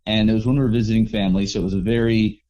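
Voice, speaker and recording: Male guest, easygoing storyteller; lowish, dark, mellow tone. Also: very fast, muffled recording. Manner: relaxed, rambling with restarts and acted-out quotes. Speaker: overland traveler guest. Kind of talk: casual storytelling interview.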